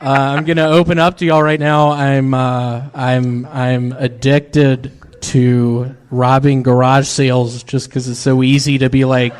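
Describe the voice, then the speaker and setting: A man doing a stand-up set and chatting after it, talking in a halting, awkward way with many pauses. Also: medium pitch, little pitch movement. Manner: halting, awkward delivery full of "uh". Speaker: stand-up comedian. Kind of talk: deadpan stand-up set and chat.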